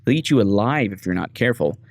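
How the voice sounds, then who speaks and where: A man's voice: on the low side, expressive, quick pace, no echo. A man doing a gossipy gun-shop woman. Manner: earnest, gossipy storytelling of game dialogue. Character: chatty female weapon-shop owner, gossipy and wary.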